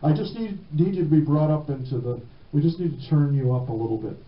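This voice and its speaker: A man's voice: on the high side, animated, quick pace, muffled recording. Casual male radio host, roomy sound. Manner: casual, loose, with fillers. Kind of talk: community radio interview.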